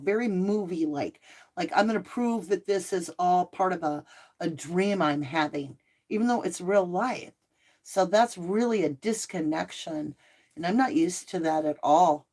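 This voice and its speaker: A woman's voice: on the low side, a little mellow. A middle-aged woman hosting a casual livestream, chatting and answering viewer comments. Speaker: livestream host.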